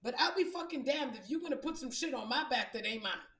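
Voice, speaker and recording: A woman with a high voice tells her story bluntly and emphatically, cursing freely. She sounds like a podcast host talking off the cuff. The recording has a noticeably echoey room around her. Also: expressive, fast talker, fairly bright tone. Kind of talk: candid storytelling monologue.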